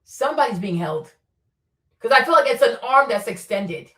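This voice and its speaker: A woman's voice: a little high, sing-song, normal speed, fairly bright tone, echoey room, recorded from a distance. A woman streamer commenting on footage in a casual, insistent way, repeating herself as she points out details step by step.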